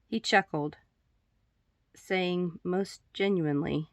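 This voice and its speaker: Casual storyteller: woman, low voice, dry close phone sound, chatty and giggly between passages. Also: a little slow, no echo. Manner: chatty, giggly, with throat-clearing asides. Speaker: storyteller reading her own story. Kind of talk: casual reading of her story to camera. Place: room at home with poster backdrop.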